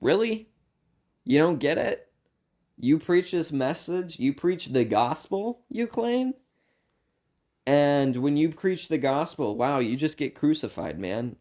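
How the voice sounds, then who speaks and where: A young university student delivers a rambling comedic monologue, earnest and meandering, swinging between loud outbursts and quiet asides. His voice is fairly high with big pitch swings, and he speaks slowly.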